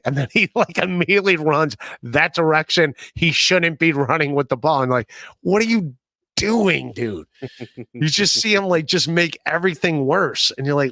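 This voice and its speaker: A man's voice: on the high side, lively intonation, normal speed, pushed and bright, no echo, studio quality. A man hosting a podcast, talking casually in a rambling way, with many fillers and restarts. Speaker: podcast host. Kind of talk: casual chat.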